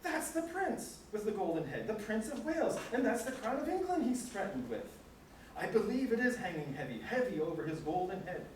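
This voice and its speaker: Bubbly young city girl, as a man puts her on, high and chatty, distant echoey mic. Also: sing-song, brisk, a little hiss or hum. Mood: teasing. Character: lively modern young city woman.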